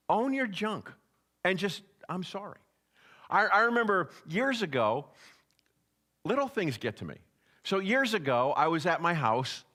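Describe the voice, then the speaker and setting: A man's voice: fairly high pitch, bright, forceful tone. A middle-aged man preaching a sermon in a church, telling stories and acting out the voices of the people in them. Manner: storytelling preacher who acts out voices of people in anecdotes. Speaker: pastor.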